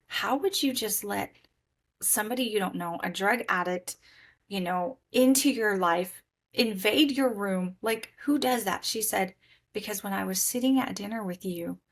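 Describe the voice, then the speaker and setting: This woman tells her own story on a podcast. She is lively and expressive and slips into the voices of the people she quotes. Her pitch sits in the middle range for a woman. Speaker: guest sharing her testimony. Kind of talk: candid personal testimony.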